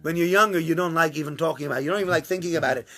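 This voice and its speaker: A man teaches an informal Torah class in a small, warm room. His voice is bright and fairly high. He acts out the dialogue and swings from loud bursts to hushed asides. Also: very fast. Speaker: rabbi giving a Torah class.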